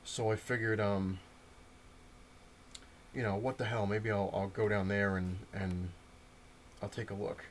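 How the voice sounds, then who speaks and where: Indoors at home, a comic book collector rambles to camera about a visit to a comic shop and shows off his new comics, his loose storytelling full of fillers and restarts. His voice is on the low side with little pitch movement, and he speaks at a measured pace with long pauses. Slight background noise is present.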